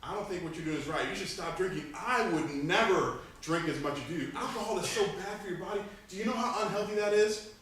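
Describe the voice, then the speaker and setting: A man's voice: sits high, fast, fairly bright tone, very echoey, recorded from a distance, a little hiss or hum, pitched above the performer's own voice, low-quality recording. A man doing a preachy lecturing brother. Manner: lecturing, self-righteous. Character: preachy disapproving older brother, young man.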